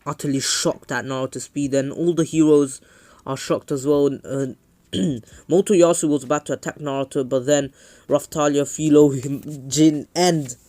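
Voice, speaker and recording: A man's voice: fairly high pitch, steady tone, moderate pace, darkish tone. A man casually retelling a fan-made anime story, rambling, often correcting himself and filling gaps. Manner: rambling, with fillers and self-corrections.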